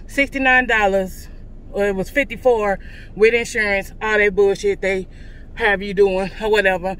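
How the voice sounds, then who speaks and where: A woman vlogger venting casually to her viewers, loud and profane, from in or near her car. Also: medium pitch, steady tone, normal speed.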